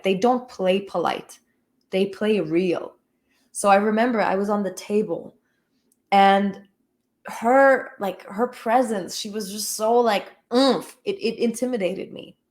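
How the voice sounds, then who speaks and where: A woman's voice: medium pitch, darkish tone. Woman spiritual teacher, candid personal talk, emphatic and profane. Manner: frank, emphatic, casual swearing.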